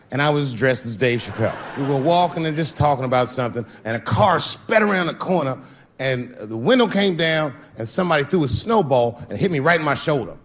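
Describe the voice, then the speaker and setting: A man's voice: a little high, a bit bright, a little hiss or hum. A man doing stand-up comedy, telling long stories in a loose, conversational way with profane punchlines. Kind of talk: stand-up storytelling. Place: stage before a live audience.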